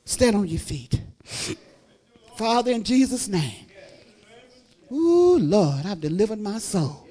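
A woman's voice: mid-range voice, big pitch swings, takes it slowly, long pauses. Fervent woman preacher. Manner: fervent, loud exclamations and praise interjections; drops to quiet, intimate storytelling. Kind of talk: sermon.

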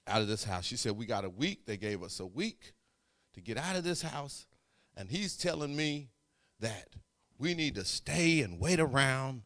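A man preaching, telling a story in a sermon, swinging from quiet asides to shouting. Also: a little high, sing-song, a little slow. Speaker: pastor.

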